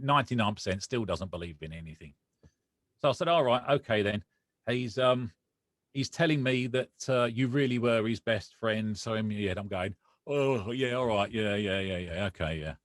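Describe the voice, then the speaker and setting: A man's voice: on the low side, no room sound. Man from Romford telling his story. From Romford, England. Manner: animated, acts out dialogue. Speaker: guest. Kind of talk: personal storytelling.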